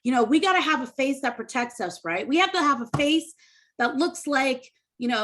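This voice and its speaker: A woman's voice: high voice, expressive, moderate pace, a bit bright. A woman comic doing a rambling, self-deprecating stand-up set on a video call. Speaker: stand-up comedian.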